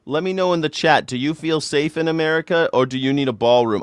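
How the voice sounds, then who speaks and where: A man's voice: on the high side, quick pace, few pauses, clean tone, dry recording. A man hosting a live political call-in show, ranting sarcastically with profanity and mocking voices while reacting to chat. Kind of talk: comedic political rant with chat callouts.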